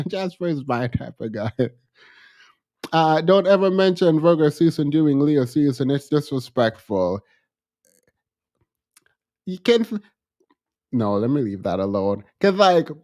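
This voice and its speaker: A man from Jamaica with a Jamaican accent, chatting casually on a livestream and reading out comments, playful and repetitive, often laughing. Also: a little high. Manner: animated, playful, repeats himself, laughs often. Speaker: livestream host.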